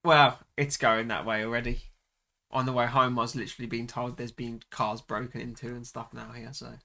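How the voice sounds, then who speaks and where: A young man from England with a bright, sharp-edged voice. He chats easily in a relaxed conversation, adding asides and laughing often. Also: mid-range voice, brisk, vocal fry. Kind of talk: casual chat.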